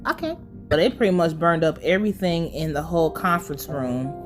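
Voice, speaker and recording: A woman's voice: sits low, lively intonation, fairly quick, music in the background. A woman giving a casual, blunt and profane recap of a TV episode. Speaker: TV recap vlogger.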